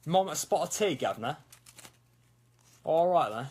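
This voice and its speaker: A man's voice: a little high, lively intonation, normal speed, a little mellow, slightly rough, voice pushed up. A man voicing a chipper young British woman adventurer in a put-on British accent. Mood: cheeky. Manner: perky, cheeky.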